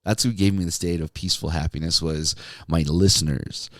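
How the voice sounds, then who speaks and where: A man's voice: low voice, steady tone, fairly quick, no room sound, studio quality. A man who hosts a podcast and used to be a radio DJ, telling stories in a laid-back way, laughing often and saying "dude" and "man". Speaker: podcast host, former radio DJ. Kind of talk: casual storytelling monologue.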